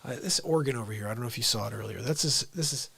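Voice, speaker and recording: A man hosting a live show, telling family stories casually, swinging from loud outbursts to hushed asides. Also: mid-range voice, very fast, vocal fry. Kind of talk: casual live-stream storytelling.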